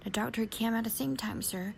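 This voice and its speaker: A woman's voice: a little high, fairly quick, gravelly, a little hiss or hum. Woman reading a polite housemaid. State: stuffy nose from a cold.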